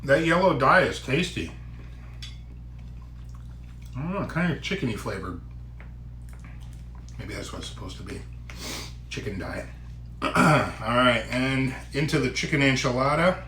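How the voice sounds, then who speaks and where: A man talking through a food tasting in a bouncy, animated voice with a bright edge. He chats casually and whoops when a bite is hot. The room sounds echoey, with a faint hum behind him. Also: medium pitch, a little slow, long pauses. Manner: chatty, exclaims loudly at hot bites. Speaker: food vlogger. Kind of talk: casual food review vlog.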